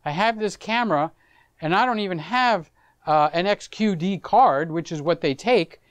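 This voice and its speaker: A middle-aged man hosting a camera vlog, telling a story to the camera in a casual, animated way. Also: high-pitched, normal speed, clean tone, no room sound. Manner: animated, acts out conversations, chuckles often. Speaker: camera reviewer, vlog host.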